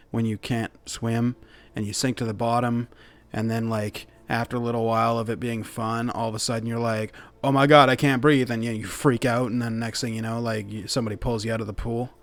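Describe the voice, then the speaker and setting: A man's voice: mid-range voice, close to an everyday voice. A man voicing a nervous young man on the run, who talks in a defensive, rambling way.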